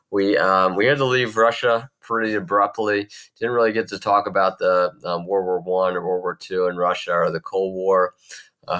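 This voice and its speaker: Low-voiced guy teaching geography on video, chatty, goes off on tangents. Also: fairly bright tone. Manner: chatty, rambling, jokey asides. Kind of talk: recorded video lesson.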